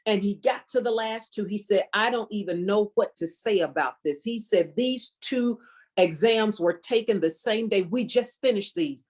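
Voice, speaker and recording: A middle-aged woman gives a passionate testimony. She speaks with a preacher's cadence and returns again and again to emphatic refrains. Her pitch sits in the middle range for a woman. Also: normal speed, darkish tone. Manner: fervent, preacherly, emphatic repetition. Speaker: guest speaker.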